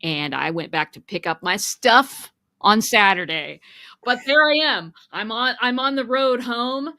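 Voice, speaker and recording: A woman guest on a podcast, telling personal stories in a casual, animated way, often pausing on 'uh' fillers, talking over an online video call. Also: fairly high pitch, no room sound. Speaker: guest, business owner.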